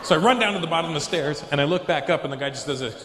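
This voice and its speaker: A man performing stand-up comedy on a big stage, telling his story with lots of animation and slipping into the voices of the people in it. His voice sits a bit high for a man. The sound rings with the echo of a live venue, and there is faint noise behind him. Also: very fast.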